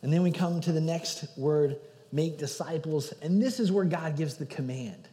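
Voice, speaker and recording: A man preaching a sermon as pastor, earnest, moving between loud emphasis and hushed passages. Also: fairly high pitch, moderate pace. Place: church sanctuary. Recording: hall reverb.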